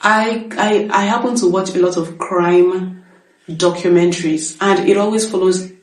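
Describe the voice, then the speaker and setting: A woman's voice: lowish voice, fairly even intonation, normal speed. A woman hosting an opinion commentary, speaking firmly and repeating points for emphasis. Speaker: commentary host. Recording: echoey room, distant from mic.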